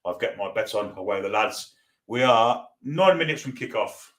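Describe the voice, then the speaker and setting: A man's voice: on the low side, lively intonation, moderate pace, a bit bright. A man with a Geordie accent hosting a live football fan watchalong, chatting casually as he reads out viewer comments and banters back. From North East England. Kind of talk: live stream chat reading.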